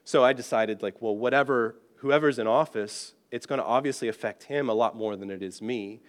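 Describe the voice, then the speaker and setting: A British-born man, a pastor, telling a personal story in an animated, self-deprecating and humorous way. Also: mid-range voice, fairly quick. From Britain. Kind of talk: storytelling sermon.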